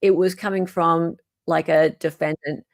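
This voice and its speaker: A woman's voice: lowish voice, steady tone, unhurried. An Australian woman hosting a casual livestream, chatting, reading court documents aloud and reacting to viewer comments. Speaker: host.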